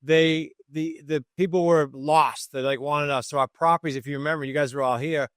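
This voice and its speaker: A man's voice: a little high, steady tone, a little fast, no echo, studio quality. A man hosting a podcast in casual chat, joking and rambling as he thinks aloud. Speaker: podcast host and coach.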